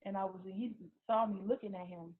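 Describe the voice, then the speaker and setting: A woman giving a personal testimony, talking haltingly with many restarts and repeated words. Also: mid-range voice, steady tone. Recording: tinny phone-like recording.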